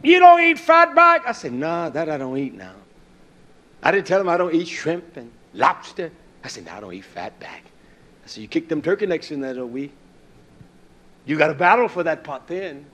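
High-voiced man preaching a folksy sermon. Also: sing-song, normal speed, a bit bright. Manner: folksy storytelling preaching, acts out quoted dialogue.

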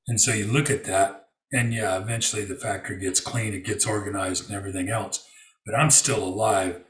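A man telling a work story in a relaxed interview, using lots of fillers and acting out what people said. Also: on the low side, brisk, reverberant, recorded from a distance, a little hiss or hum, low-quality recording. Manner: storytelling with many fillers and acted-out quotes. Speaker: guest. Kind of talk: conversational interview.

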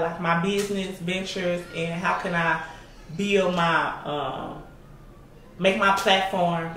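A woman's voice: on the low side, fairly bright tone. A young woman vlogger answering viewers' questions in a casual, chatty way, laughing often and calling her audience y'all. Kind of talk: casual Q&A vlog. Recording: echoey room, mic a bit far, faint noise.

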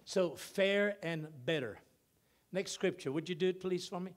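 Pastor, man, fairly high voice, preaches with stretched words and loud emphatic bursts. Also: normal speed. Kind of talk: sermon. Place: church sanctuary.

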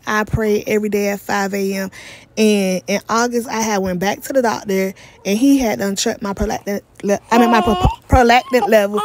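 A woman's voice: mid-range voice, noisy background. A young woman, vlogging an emotional personal testimony with repeated emphasis and talk straight to viewers. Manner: repetitive emphatic phrasing, addresses viewers as y'all.

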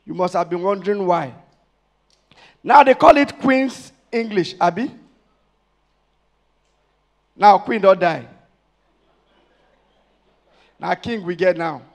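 A man with a Nigerian Pidgin accent from Warri doing stand-up comedy on stage, chatty and animated, building to loud punchlines. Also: high voice, unhurried, vocal fry, pauses often. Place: stage before a live audience.

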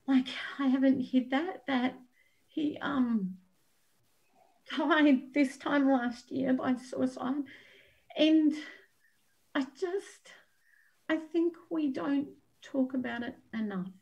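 Slow, earnest woman over dull call audio. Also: sits high. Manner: earnest, open, unhurried. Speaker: co-host and organizer. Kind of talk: heartfelt address. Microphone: video call.

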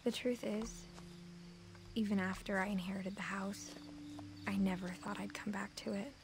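A woman voicing a quiet reflective teenage girl. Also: medium pitch, normal speed, close to an everyday voice. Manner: quiet, reflective, even delivery. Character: teenage girl narrator returning to family home. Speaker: game narrator. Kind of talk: scripted game narration. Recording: game audio with clear background noise.

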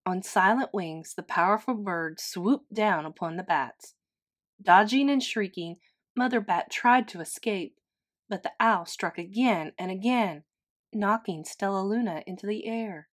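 A woman teacher reading a children's picture book aloud in a gentle, expressive storytelling manner. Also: medium pitch, measured pace.

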